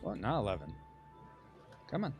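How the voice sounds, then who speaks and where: A man's voice: lowish voice, huge pitch swings, moderate pace, soft background music. A man hosting a casual board game playtest, chatting and checking the rules aloud. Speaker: game host.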